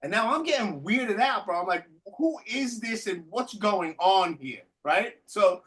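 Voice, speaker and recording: Hosting a podcast, this man tells stories in a loose, chatty way, swearing a lot as he goes. His voice sits high and his pace is a little slow, and he stays animated throughout.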